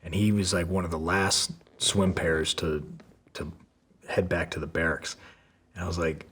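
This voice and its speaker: A man's voice: sits low, steady tone, moderate pace, a bit bright, breathy edge. A man telling a story from his past in a casual way, full of fillers and swearing, acting out the quotes. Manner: profane, lots of fillers, acts out quotes. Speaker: podcast guest.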